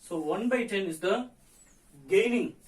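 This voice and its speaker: Hoarse high-voiced male teacher. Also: unhurried, far from the mic, low-quality recording. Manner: repetitive step-by-step explaining. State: hoarse from fever. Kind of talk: accountancy lesson.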